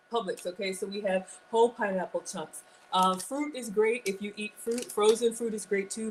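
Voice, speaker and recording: A woman's voice: mid-range voice, slight background noise, rough recording. Chatty self-deprecating woman in her forties. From Ghana. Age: 40s. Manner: chatty and self-deprecating, greets viewers and reads their comments. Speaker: host of a live cooking stream. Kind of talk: casual livestream cooking chat. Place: home kitchen.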